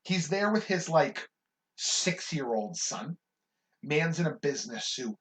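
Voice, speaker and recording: Animated, higher-voiced male podcast host. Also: a little slow, slight background noise. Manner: animated, swearing, lively storyteller. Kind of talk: casual storytelling chat.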